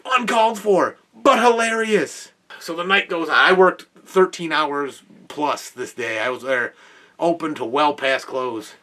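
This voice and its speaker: A young man, host of a podcast, telling an animated work story in a casual way with exclamations and laughs. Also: fairly high pitch, measured pace, recorded from a distance.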